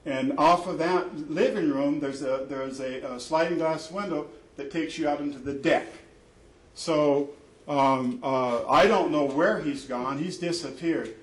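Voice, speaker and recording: A man's voice: on the high side, unhurried. A man, a father, gives an emphatic, repetitive personal account of a family fight, with many fillers. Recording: echoey room.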